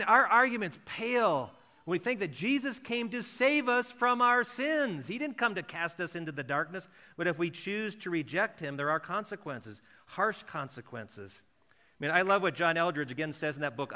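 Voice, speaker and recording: A man's voice: lively intonation, moderate pace. A man preaching a sermon in a conversational way, acting out imagined dialogues and often repeating words as he restarts. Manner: acts out imagined dialogues in softer, lower voices. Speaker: pastor.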